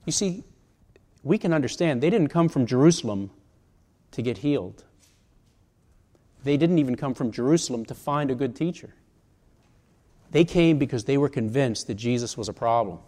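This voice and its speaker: A man's voice: mid-range voice, animated, normal speed, pauses often, dark tone. A man in his sixties preaching a sermon in a conversational way, asking rhetorical questions. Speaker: pastor. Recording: long reverb of a large hall.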